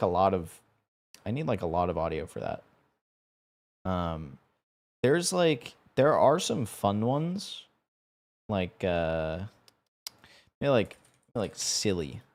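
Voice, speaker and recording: A man's voice: lowish voice, a little mellow. A young man talking casually on a live stream, rambling and stumbling over his words. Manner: rambling, stumbling, laughing often.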